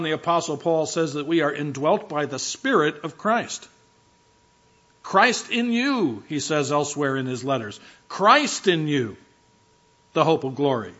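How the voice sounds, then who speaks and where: A man's voice: fairly high pitch, a bit bright, dull audio. A male pastor giving a conversational sermon, teaching with rhetorical questions and asides.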